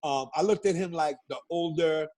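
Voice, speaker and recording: A middle-aged man from Brooklyn, a guest telling stories in a casual interview, animated and profane, acting out what people said. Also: on the high side, moderate pace. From Brooklyn, New York. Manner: animated, profane storyteller who acts out quotes.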